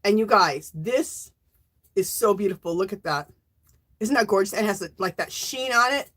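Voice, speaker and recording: An American woman hosting a casual yarn giveaway livestream, chatty and loudly exclamatory as she talks to her viewers. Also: mid-range voice, animated, normal speed. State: coughing and teary after choking on water. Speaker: livestream host giving away yarn.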